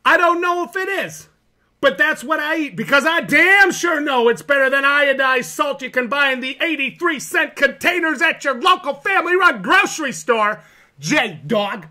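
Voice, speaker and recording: A man's voice: very high-pitched, lively intonation, moderate pace, bright, forceful tone, exaggerated voice. A man playing an arrogant, boastful persona on a live stream who brags about himself in the third person. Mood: smug. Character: cocky boastful male persona, arrogant showman. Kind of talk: comedic live stream character bit.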